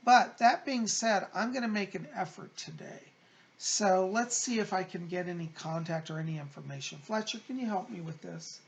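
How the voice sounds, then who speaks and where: A man working as a psychic medium, reading viewer letters aloud and passing on spirit messages in a gentle, consoling, chatty way. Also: high voice, moderate pace, creaky, dull audio. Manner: gentle, consoling, chatty, calls listeners "hon".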